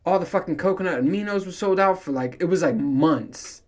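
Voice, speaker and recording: A man's voice: sits high, brisk. A man hosting his own podcast, ranting casually, swearing often and laughing at his own jokes. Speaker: podcast host. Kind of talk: casual solo podcast rant.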